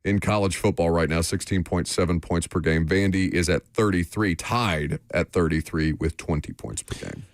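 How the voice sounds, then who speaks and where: A man hosting a sports radio show, chatting energetically and pitching a call-in contest. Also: moderate pace, few pauses, dry recording, clean studio sound. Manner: energetic, jokey, reads phone number. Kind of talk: casual sports talk.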